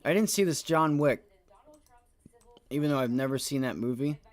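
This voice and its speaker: At normal speed and medium pitch, a man rambles through live commentary on his trades during a stock trading stream. He's an excitable livestream day trader who swears a lot.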